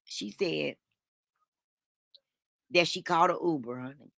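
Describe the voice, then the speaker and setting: A woman's voice: lowish voice, big pitch swings, unhurried, gravelly, pauses often, fairly bright tone, no echo. A woman telling a dramatic story to her viewers, swearing freely and calling them honey. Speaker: storytime vlogger. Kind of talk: animated storytelling.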